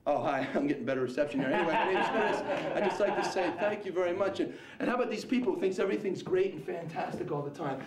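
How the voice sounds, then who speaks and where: A male stand-up comedian doing his set, animated and fond of mimicking voices. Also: high voice, quick pace, hardly any pauses, recorded from a distance, a loud crowd. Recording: echoey club with faint noise.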